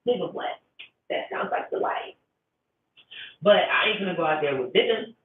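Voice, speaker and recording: A woman's voice: on the low side, animated, moderate pace. A woman giving a blunt, profane, casual commentary rant, full of fillers. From United States. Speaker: commentary vlogger. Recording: echoey, tinny, distant with faint hiss.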